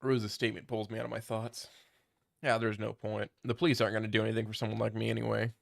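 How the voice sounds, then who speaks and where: Casting note: a low-pitched male reader narrating a story casually, tripping over a word now and then. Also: monotone, quick pace, gravelly. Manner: reads with small stumbles and restarts. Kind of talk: casual reading of a fan story.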